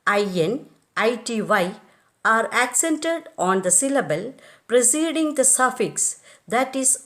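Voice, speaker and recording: A woman teacher with an Indian English accent, reading out rules and word lists and spelling letters one by one. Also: a little high. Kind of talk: slow dictated lesson.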